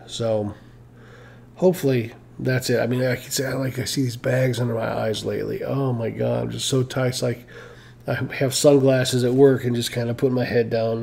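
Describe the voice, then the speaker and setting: A man talks loosely to his live-stream viewers in a gravelly, mellow voice. He rambles, restarts sentences and fills pauses with "uh" and "you know". He sounds tired and pokes fun at himself. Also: medium pitch. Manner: rambling, hesitant, many fillers and restarts; self-mocking, laughs at own stories.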